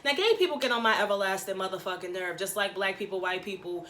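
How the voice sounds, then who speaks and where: A woman's voice: mid-range voice, quick pace, fairly bright tone, slight background noise. A woman vlogger giving a sassy, chatty recap of a TV episode, tagging her sentences with "okay?". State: out of breath. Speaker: YouTube vlogger. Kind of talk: casual TV recap vlog.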